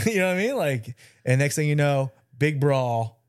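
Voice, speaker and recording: Animated man telling a story. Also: a little high, moderate pace, clean tone, dry recording, studio quality. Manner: animated storyteller, swearing, acts out quotes. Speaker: podcast co-host. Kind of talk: casual storytelling chat.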